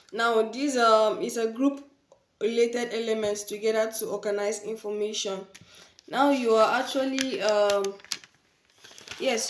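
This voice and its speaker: A woman's voice: on the high side, darkish tone. A woman teaching design basics in an informal spoken tutorial, often repeating her key points and affirming them with "yes". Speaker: design instructor. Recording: echoey room.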